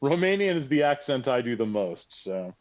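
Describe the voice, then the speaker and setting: A man's voice: mid-range voice, normal speed, highs cut off. A man acting as game master in an online tabletop game, chatty and encouraging. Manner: chatty, encouraging, lively intonation. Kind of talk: narrating a tabletop game over voice chat.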